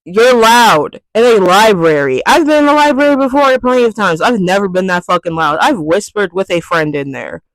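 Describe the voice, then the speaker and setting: A young woman vlogger in an exasperated, swearing rant, breaking into loud outbursts. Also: mid-range voice, animated, normal speed, few pauses, no room sound, low-quality recording. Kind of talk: ranting vlog monologue.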